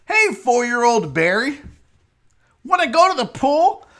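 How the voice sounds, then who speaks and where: A man's voice: very high voice, big pitch swings, measured pace, fairly bright tone, heavily acted. A man doing a blunt, careless dad. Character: blunt careless father teaching son to swim.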